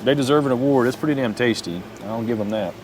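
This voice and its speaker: A man's voice: mid-range voice, fast talker, darkish tone. Oklahoma guy, middle-aged, rambling camp vlog at his truck, talks to his dog, faint bug noise behind. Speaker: camping vlogger. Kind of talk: casual camping vlog. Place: in and around a truck at a campsite.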